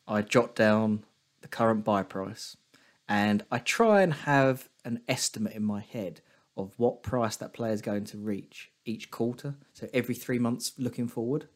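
A man chats on a podcast as a guest trader. He teases his co-host and thinks aloud, his voice sitting at an ordinary middle pitch. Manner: chatty, teasing, thinks aloud with fillers. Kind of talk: casual podcast chat.

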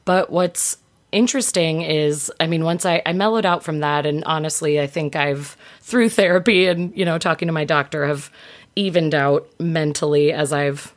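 A woman in her thirties talks casually as a podcast guest, her voice sitting a little on the low side. She tells a personal story openly and with animation, keeping it frank. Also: moderate pace. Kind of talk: casual chat.

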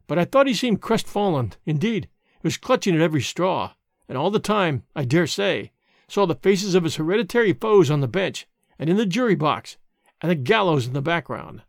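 A man narrating a novel aloud in a measured storytelling manner. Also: a little high, sing-song, creaky, no room sound, studio quality. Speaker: audiobook narrator.

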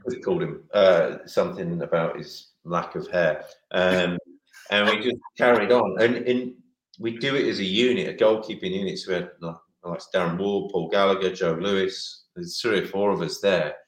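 A middle-aged man tells a rambling story in a relaxed interview, his voice sitting fairly low. He stumbles and restarts often and slips into other people's voices for the quotes. The room adds a noticeable echo. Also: normal speed. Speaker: former goalkeeper, guest. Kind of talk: casual anecdote-telling. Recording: roomy echo.

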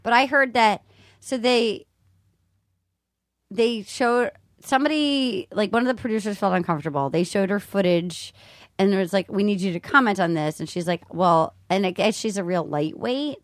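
A woman hosting a podcast, gossiping in a rambling, animated way with many restarts. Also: mid-range voice, moderate pace, no echo, clean studio sound. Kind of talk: casual chat.

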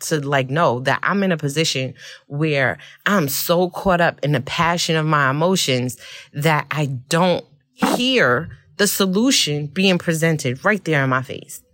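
A woman hosting a podcast, telling a personal story in a candid, expressive way and often laughing. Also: sits low, a little slow, no echo, clean studio sound. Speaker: podcast host.

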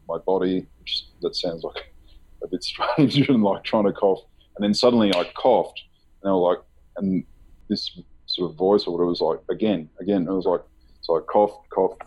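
A man being interviewed about his book, telling a personal story in a halting, rambling way with many fillers and nervous laughs. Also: deep voice, highs cut off. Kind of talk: candid conversational storytelling.

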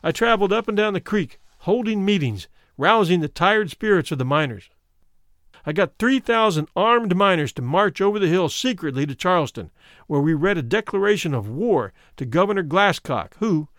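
A man narrating a first-person memoir as an audiobook in a measured, solemn manner. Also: sits high, lively intonation, a bit bright, no room sound, studio quality.

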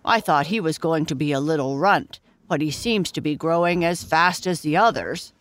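A woman's voice: low-pitched, moderate pace, natural voice. A woman voicing an easygoing farmer in a children's storybook, chuckling and amused by his pig.

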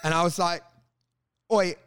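A man, chatting casually on a podcast. He tells comedy stories in an animated way, swears freely and acts out what he said to the crowd. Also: high-pitched, normal speed. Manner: animated, swearing storyteller who acts out his stage lines. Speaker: stand-up comedian and podcast co-host.

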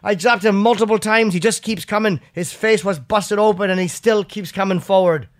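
Man doing a cocky fighter voice, clumsy fake Irish accent, pitched up, loud, exaggerated, talk-show bit. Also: steady tone, normal speed, lightly acted. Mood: grudging admiration. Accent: Irish, badly imitated. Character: brash Irish male fighter, cocky but grudgingly respectful.

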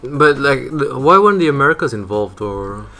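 A man's voice: mid-range voice, lively intonation, brisk, bright, forceful tone, faint music behind. A man co-hosting a casual podcast, joking, laughing often, and stumbling over his words. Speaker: podcast co-host.

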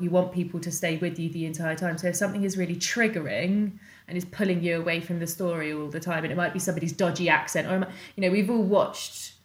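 A woman's voice: lowish voice, roomy sound. A woman actress talking reflectively about her work, thinking aloud. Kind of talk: casual interview talk.

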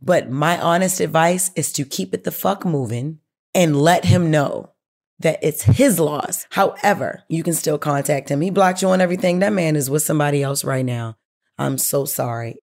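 This host reads out listener letters and then answers them bluntly, swearing often and leaning hard on the key points. The voice sits at an ordinary middle pitch. The host speaks to the listener directly, calling her baby girl. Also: normal speed, darkish tone. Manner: blunt, profane, emphatic. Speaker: advice show host. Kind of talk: reading a listener letter and giving advice.

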